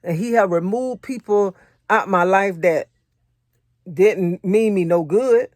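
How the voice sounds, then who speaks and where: A married adult woman speaks slowly in a mid-range, darkish voice, recorded cleanly in a studio without echo. Her motivational faith talk is earnest and repetitive, delivered as conversational preaching, and she weaves in her personal testimony in casual language.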